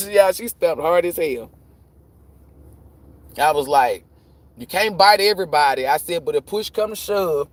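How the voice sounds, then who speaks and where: A man's voice: a little high, lively intonation, unhurried, pauses often, no room sound. Profane, laughing man telling stories live. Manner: profane, laughing storyteller who acts out quoted voices. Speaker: tarot reader hosting a livestream. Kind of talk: casual livestream chat.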